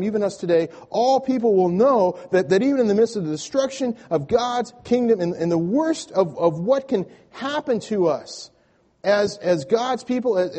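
A man preaching in a church, his voice pitched slightly high yet dark in tone. He often repeats a word as he restarts a phrase. He calls on the congregation to say lines back to him. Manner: repeats words when restarting, asks the congregation to respond. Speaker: pastor. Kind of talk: sermon.

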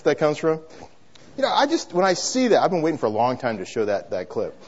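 A man's voice: a little high, fairly quick, slightly rough. Pastor guy preaching, voice jumps all over, kinda dull lo-fi sound. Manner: animated, has the congregation repeat phrases. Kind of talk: sermon.

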